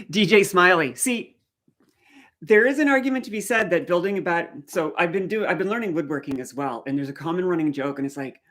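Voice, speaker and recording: A middle-aged woman with a faint Maritime Canadian accent talks through a casual live stream. She is chatty and keeps answering viewer comments as she goes, in an easy, unhurried way. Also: on the low side, fairly bright tone.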